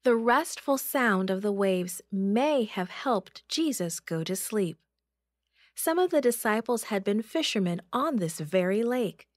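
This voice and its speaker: Woman reading a bible story to the church over a video call, slow and expressive, dry sound. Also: mid-range voice, dry recording. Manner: expressive storybook reading, rising for dramatic moments.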